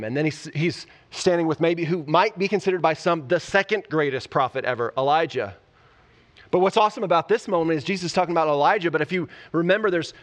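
A pastor preaching a sermon, enthusiastic and conversational, often asking the audience rhetorical questions. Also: male voice, high-pitched, fairly bright tone. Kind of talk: sermon, Bible teaching.

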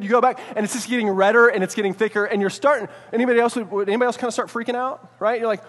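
A man gives a sermon in a relaxed, conversational way, checking in with his listeners again and again. His voice sits fairly high for a man. The sound carries a long reverb, like a large hall. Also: rapid-fire, hardly any pauses. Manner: conversational, keeps asking "right?" to check in. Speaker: pastor.

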